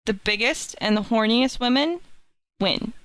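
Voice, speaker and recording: A woman's voice: a little high, animated, a little slow, a bit bright, clean tone, no room sound. A woman guest on a podcast, chatting casually and reading quotes aloud in a playful way.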